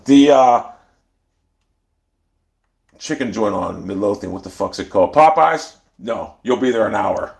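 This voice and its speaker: A man's voice: on the low side, animated, a little slow, gravelly, long pauses, a little mellow. Blunt, profane man telling stories. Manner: blunt, profane, full of restarts. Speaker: storyteller. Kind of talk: casual rambling monologue.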